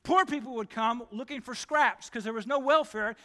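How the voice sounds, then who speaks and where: A man preaches to his congregation, pressing each point with emphatic declarations. His voice sits very high and rings bright and forceful. The sound carries a long reverb from the sanctuary. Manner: emphatic, rapid-fire declarations. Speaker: pastor. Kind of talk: sermon. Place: church sanctuary.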